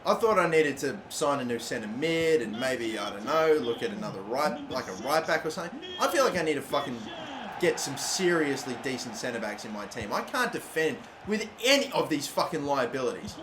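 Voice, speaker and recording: A young man commentating his own football video game, swearing constantly and bursting into loud, frustrated outbursts. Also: mid-range voice, very animated, a little fast. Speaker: gaming YouTuber. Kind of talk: live gameplay commentary. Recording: echoey room, faint background noise.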